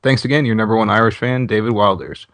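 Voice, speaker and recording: A man's voice: fairly low pitch, quick pace, fairly bright tone, dry recording. A man co-hosting a casual podcast, laid-back and plain-spoken. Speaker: podcast co-host.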